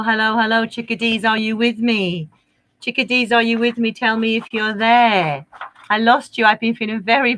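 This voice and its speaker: A woman's voice: mid-range voice, a bit bright, dry recording. A woman teaching a livestreamed maths lesson to young children, cheery and coaxing in a sing-song teacher voice. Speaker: primary school maths teacher.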